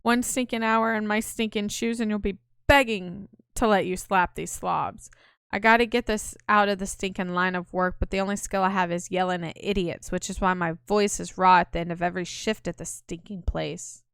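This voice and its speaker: A woman's voice: mid-range voice, steady tone, normal speed, gravelly, a bit bright, smooth, dry recording, clean studio sound. A woman voicing a bitter, sour-tempered housekeeping manager who grumbles about her job.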